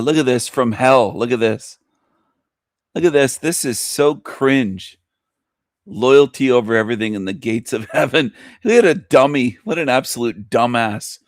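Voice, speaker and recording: A man's voice: mid-range voice, expressive, normal speed, no room sound, studio quality. A middle-aged man hosting a show, giving crude, sneering reaction commentary. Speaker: host.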